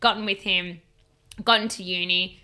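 A young woman, telling a story in a casual chat, animated and laughing as she swears. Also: lowish voice, moderate pace. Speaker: podcast co-host.

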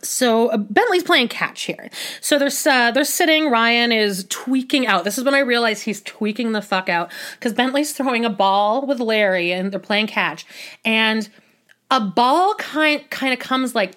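A woman's voice: fairly high pitch, a little slow, a bit bright. Rambling chatty woman podcast host. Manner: rambling, heavy on filler words and restarts, wry asides. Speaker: podcast host recapping a reality show. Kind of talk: casual chatty solo recap.

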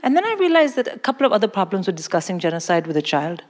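A woman's voice: medium pitch, big pitch swings, racing. A woman in her forties from India doing a stand-up comedy set, with a brash, emphatic, mock-indignant delivery. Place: large concert hall with live audience. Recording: hall reverb, audience laughter.

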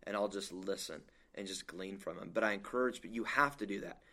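A man's voice: fairly low pitch, brisk, bright, forceful tone. A man who works as a leadership coach, talking emphatically and motivationally in a casual podcast chat.

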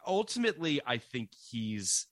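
Bright, animated male podcast co-host. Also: medium pitch, dry recording. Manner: animated, halting with fillers, steering the discussion. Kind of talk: casual podcast chat.

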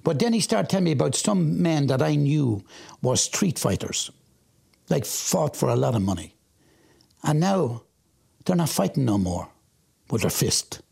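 An Irish man telling his life story in an interview, animated when he acts out what he said back then. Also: fairly high pitch, unhurried, pauses often. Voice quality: gravelly and husky. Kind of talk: personal testimony.

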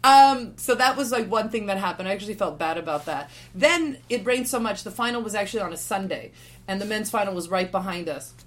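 A woman's voice: mid-range voice, brisk. A woman in her forties, a podcast guest, telling a story in a casual way and acting out what others said. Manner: animated, acts out quotes of others.

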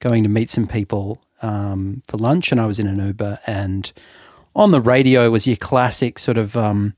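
A man's voice: fairly low pitch, steady tone, moderate pace, darkish tone, no echo. Dry-witted man. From Australia. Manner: dry wit, laughs easily. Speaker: podcast co-host. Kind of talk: casual podcast chat.

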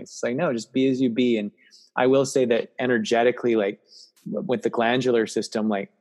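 A man hosting a podcast in casual chat, animated and playful in how he talks. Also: medium pitch, a little fast. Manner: animated, mimics camp voices for laughs. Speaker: podcast host.

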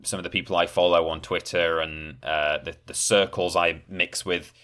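A man talking casually about video game studios, with a relaxed conversational manner and frequent fillers. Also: low-pitched, normal speed, smooth.

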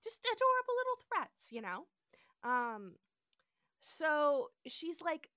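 A woman co-hosting a casual podcast, recapping the plot with lots of energy. Her voice sits high and swings widely as she acts out the characters' quoted lines. The sound is close and dry, with no room around it. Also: sing-song, takes it slowly, pushed and bright, dry recording. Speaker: podcast co-host.

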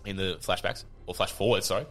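A man hosting a casual, sweary chat, animated and laughing often. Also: low voice, fast, soft background music. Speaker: podcast host.

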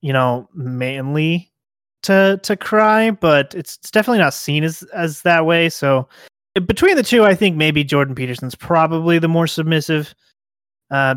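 A man co-hosting a podcast in crude comedic chat, giggly, halting and incredulous. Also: on the high side, lively intonation, fairly bright tone, clean tone, no room sound, studio quality. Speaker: podcast co-host.

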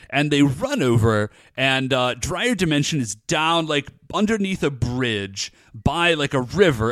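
A man's voice: on the high side, no room sound. A man casually recapping a TV episode with a co-host, chatty and full of "like" and "uh". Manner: chatty, lots of "like" and "uh".

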